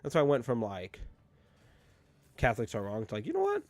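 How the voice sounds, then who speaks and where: A man's voice: mid-range voice, wildly swooping pitch, fairly quick, a little mellow, dry recording. A young man co-hosting a podcast, chatting casually in a rambling, joking way and laughing often. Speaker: podcast co-host. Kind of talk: casual chat.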